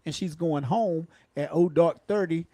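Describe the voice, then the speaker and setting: A man with a slightly high voice tells patrol stories in easy, folksy slang, chuckling along as he goes. The recording is dry and close-miked. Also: measured pace, mellow, no echo. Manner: folksy, Southern-flavored slang, chuckles at his own stories. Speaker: podcast co-host, retired police officer turned comedian. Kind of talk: casual storytelling chat.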